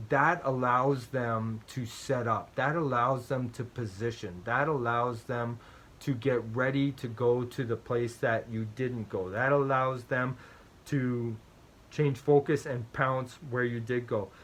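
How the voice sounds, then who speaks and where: A man's voice: mid-range voice, fairly even intonation, slow, a bit bright. Chatty man explaining board game strategy. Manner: chatty and self-deprecating, often tags lines with "right?"; repeats phrases for emphasis. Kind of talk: casual explanatory talk with personal stories.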